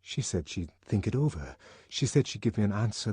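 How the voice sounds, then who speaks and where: A man reading an audiobook aloud with an expressive, dramatic delivery, recorded close and dry. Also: lowish voice, fairly quick, breathy edge, no echo. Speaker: audiobook narrator.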